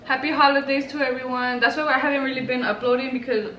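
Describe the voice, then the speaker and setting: A woman's voice: high-pitched, fairly even intonation, fast, a bit bright, distant mic, lo-fi sound. A young woman chatting casually in a rambling way as a vlogger. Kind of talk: casual chat. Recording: echoey room, faint hiss.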